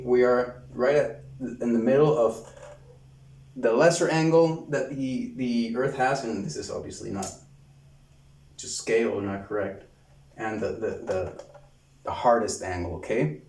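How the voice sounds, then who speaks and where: Male lecturer, slow halting delivery full of restarts, echoey room, mic at a distance. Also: fairly low pitch, a little mellow. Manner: halting, many restarts and repeated words. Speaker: course lecturer. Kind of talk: online lecture. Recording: roomy sound from a distance.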